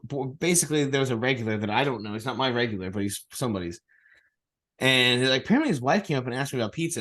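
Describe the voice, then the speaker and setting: A man's voice: medium pitch, a bit bright. Laughing, foul-mouthed male podcast storyteller. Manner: laughing, profane storytelling with acted quotes. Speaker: podcast co-host, bartender. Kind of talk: casual podcast chat. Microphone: remote call mic.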